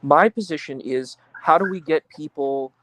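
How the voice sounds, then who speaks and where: A man's voice: fairly high pitch, moderate pace, a crowd in the background. A man talking as a guest in a casual debate, explaining his views earnestly and at length.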